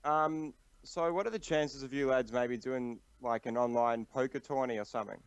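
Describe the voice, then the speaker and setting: A man's voice: mid-range voice, normal speed, smooth, highs cut off. A man from Australia, calling into a talk show in a laid-back, easygoing way. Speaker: caller. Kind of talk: casual call-in chat.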